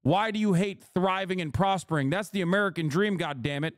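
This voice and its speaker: A man's voice: high-pitched, a little fast, no room sound, clean studio sound, close to an everyday voice. A man putting on the voice of a pompous, indignant right-wing pundit as a sarcastic parody. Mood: mock indignant. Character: blustering pro-business male right-wing pundit, mocking.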